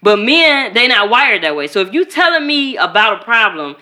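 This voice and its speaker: A woman from Chicago co-hosting a podcast in casual chat, animated and profane, acting out quoted voices. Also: on the high side, normal speed. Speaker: podcast co-host.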